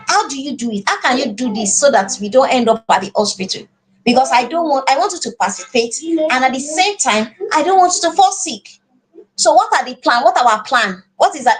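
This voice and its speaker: Nigerian woman teacher, high animated voice, earnest, repeats words mid-thought. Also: a little hiss or hum. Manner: earnest, repeats words while finding phrasing. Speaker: parenting class teacher. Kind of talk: live online class.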